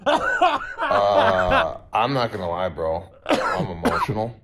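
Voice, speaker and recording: Male podcast co-host, lowish voice, casual and profane delivery. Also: wildly swooping pitch, takes it slowly, vocal fry, loud music behind the voice. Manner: loose and profane, calls people bro. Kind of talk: casual podcast chat and ad read.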